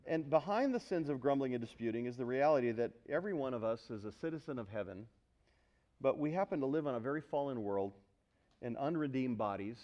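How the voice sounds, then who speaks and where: A man preaching a sermon to a church congregation, animated and emphatic, asking the room for responses and then dropping to quiet earnest teaching. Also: medium pitch, lo-fi sound. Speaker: pastor.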